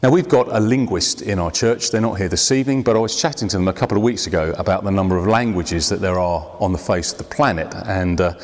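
A man preaching a sermon to his congregation, slowing down to stress key words. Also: sits low. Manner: preaching with sweeping rises and drops, slowing for emphasis. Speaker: pastor. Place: church hall. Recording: long hall reverb.

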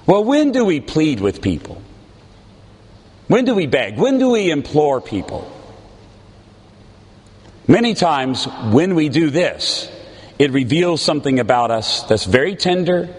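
Slow, earnest preacher in a reverberant hall. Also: male voice, fairly high pitch, sing-song, slightly rough. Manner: slow, earnest pleading delivery with dramatic pauses. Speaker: pastor. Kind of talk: sermon.

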